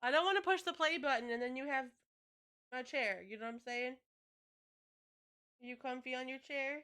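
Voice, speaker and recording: A woman's voice: high voice, normal speed, pushed and bright, clean tone. A woman game streamer chatting casually to her live chat, rambling and swearing freely.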